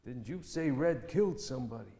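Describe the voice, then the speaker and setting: An actor playing a scheming crime boss who gives cold, clipped orders in a stage play reading. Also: male voice, medium pitch, lively intonation, brisk, dark tone, close to an everyday voice. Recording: reverberant theatre recording.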